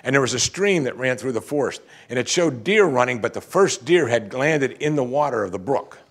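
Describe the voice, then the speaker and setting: A middle-aged man, a pastor, preaching a sermon in an animated way, swinging between emphatic and hushed. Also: medium pitch, a little fast.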